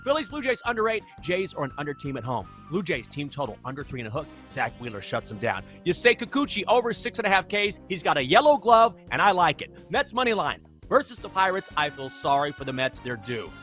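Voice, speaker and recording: Guy reading off bets super fast like an auctioneer, high bright voice, faint music. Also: sing-song. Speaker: sports betting host. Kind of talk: rapid-fire betting picks.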